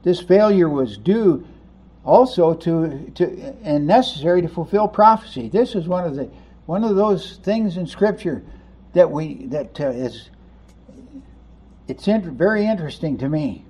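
A man preaching a sermon, animated, acting out the voices of people in the story as he teaches. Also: a little high, unhurried, breathy edge. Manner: animated, acts out voices of the crowd and disciples. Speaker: pastor.

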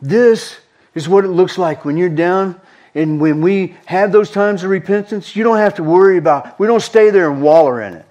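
A man's voice: sits high, moderate pace, a little mellow. A man with a Southern US accent preaching a fervent sermon, repeating words for emphasis. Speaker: pastor.

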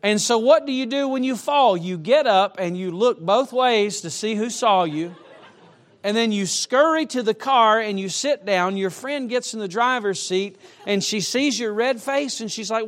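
High-voiced preacher delivering a lively sermon. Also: male voice, normal speed. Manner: emphatic, with humorous asides. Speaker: traveling preacher. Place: church sanctuary.

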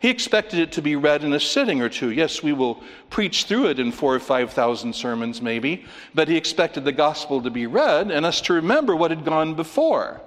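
A man's voice: a little high, moderate pace, few pauses. Preacher man in an echoing church hall. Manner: animated, outline-driven, acts out quoted pleas loudly. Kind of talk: expository sermon. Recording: long reverb of a church hall.

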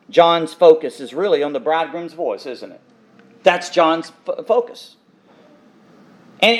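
A man preaching a sermon with emphatic passion, swinging between loud declarations and hushed asides. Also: sits high.

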